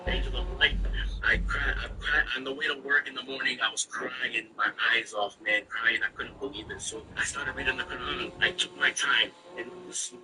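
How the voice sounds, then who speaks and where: A man giving an emotional personal testimony. He repeats phrases often and speaks earnestly. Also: mid-range voice. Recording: distant mic with loud background noise.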